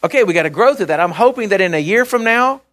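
A man with a strikingly high, fairly bright voice delivers a conversational sermon, weaving scripture readings between stories. He talks fast and expressively in earnest short bursts, restarting phrases and checking that the congregation is keeping up.

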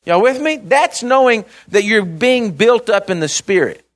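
High-voiced man preaching conversationally. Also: animated, a little slow. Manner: earnest, checks in with the congregation; stumbles and restarts, speaks in short bursts. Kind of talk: conversational sermon with scripture reading.

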